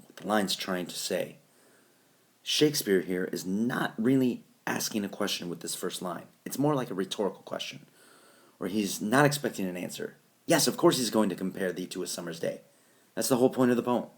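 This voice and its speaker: Guy with a low voice walking students through a lesson, reads lines with heavy emphasis. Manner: explanatory, recites poetry lines with exaggerated stress. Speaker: teacher. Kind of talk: recorded classroom screencast lesson. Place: voice-over recorded over a whiteboard app.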